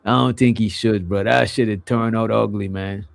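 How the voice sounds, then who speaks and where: A man's voice: on the low side, fairly even intonation, normal speed, vocal fry, no echo. A man hosting a livestream, talking loosely with lots of filler phrases. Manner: loose, rambling, with frequent "you know what I'm saying". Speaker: livestream host. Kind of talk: casual livestream commentary.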